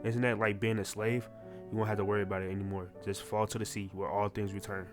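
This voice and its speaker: A man voicing an evil male eel monster from a comic, gloating over his prey in a low, menacing monologue. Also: flat delivery, fast talker, music in the background, close to an everyday voice.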